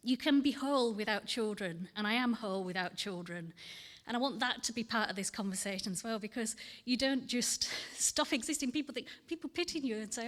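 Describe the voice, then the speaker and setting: A woman's voice: fairly high pitch, fairly bright tone. Woman poet reading in a reverberant hall. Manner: candid, earnest, reads with measured cadence. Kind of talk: poetry reading with personal talk. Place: festival event hall.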